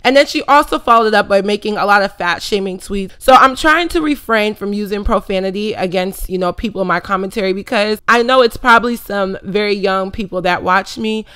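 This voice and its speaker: A woman's voice: mid-range voice, fairly quick, hardly any pauses, a bit bright, smooth, dry recording, studio quality. A 21-year-old woman from Philadelphia, a vlogger giving sassy, emphatic commentary that roasts its target. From Philadelphia, USA. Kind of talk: commentary rant.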